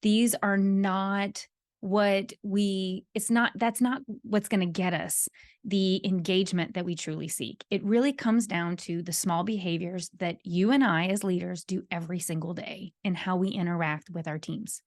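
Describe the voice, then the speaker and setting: A woman's voice: mid-range voice, normal speed, no echo, studio quality. A woman hosting a solo podcast who coaches leaders, speaking earnestly and repeating her key points for emphasis.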